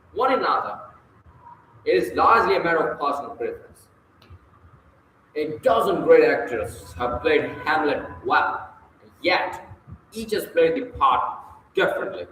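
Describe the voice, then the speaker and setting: A man slowly reading a book on public speaking aloud, pausing often and sometimes slipping over words. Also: fairly high pitch, fairly bright tone, roomy sound, in a large hall, a little hiss or hum, poor audio. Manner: slow, deliberate reading with long pauses, occasional slips.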